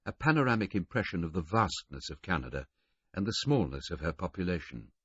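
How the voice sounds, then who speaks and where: Low, husky male audiobook narrator. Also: expressive, fairly quick, a bit bright, no room sound, lo-fi sound. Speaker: audiobook reader. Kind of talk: first-person novel narration.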